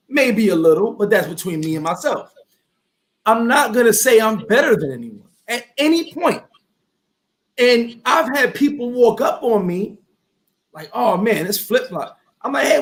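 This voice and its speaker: A man hosting a casual talk show, speaking in a lively, preachy motivational way. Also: high voice. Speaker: host. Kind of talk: casual chat.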